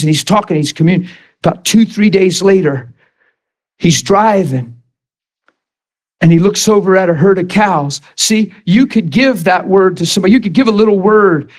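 High-voiced man preaching with passion. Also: normal speed. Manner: passionate, repetitive storytelling with bursts of shouting. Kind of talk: sermon.

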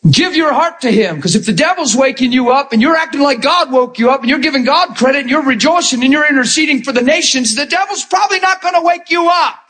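A man with a high voice delivers a lively sermon as a pastor. He is animated and theatrical, slipping into quick impressions to make his point. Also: low-quality recording. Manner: animated, acts out quoted voices.

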